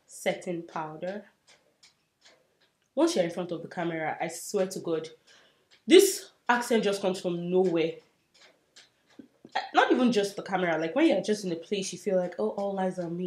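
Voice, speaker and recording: A young woman doing a casual makeup tutorial, chatty and self-mocking, dropping to soft murmurs as she works. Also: fairly low pitch, moderate pace, long pauses. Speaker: beauty vlogger. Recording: roomy echo, faint hiss.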